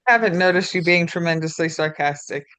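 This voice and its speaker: A woman's voice: fairly low pitch, a little fast, fairly bright tone, clean tone, no room sound. A woman in a group chat giving blunt, direct advice. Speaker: participant.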